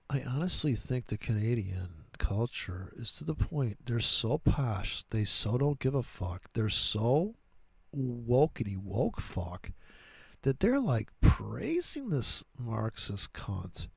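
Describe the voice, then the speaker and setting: A man's voice: mid-range voice, big pitch swings, slow pace, creaky, slightly rough, dry recording. A man hosting a trading livestream, ranting crudely and mockingly in a casual, profane way. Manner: crude, mocking, puts on silly voices for quotes. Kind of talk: rambling profane political rant.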